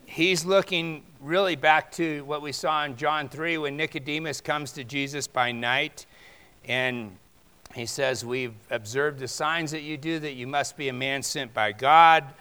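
A man preaching a sermon with a bright, forceful voice. He talks in a loose, conversational way and then leans hard into emphatic points. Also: on the high side, a little slow, clear, resonant tone. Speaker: pastor.

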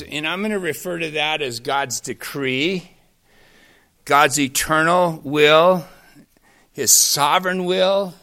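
A man's voice: on the high side, bright, forceful tone. A man teaching a Bible study class in a folksy way, drifting into anecdotes.

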